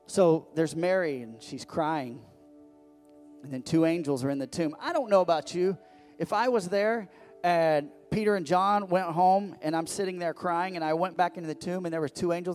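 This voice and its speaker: A man's voice: fairly high pitch, normal speed, darkish tone, faint music behind. A man preaching a sermon as pastor, talking conversationally and breaking into sudden emphatic rises.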